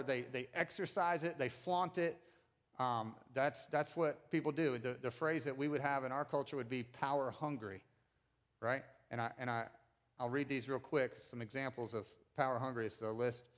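A middle-aged man giving a conversational sermon as a pastor, animated and acting out voices of the people in the story. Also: medium pitch.

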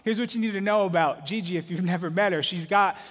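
A male pastor preaching in a relaxed, conversational way, with his voice sitting a little high. He keeps stopping and restarting phrases as he talks. A long reverb trails behind him in a church hall. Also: fast talker, breathy edge. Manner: conversational storytelling with frequent restarts. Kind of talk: sermon.

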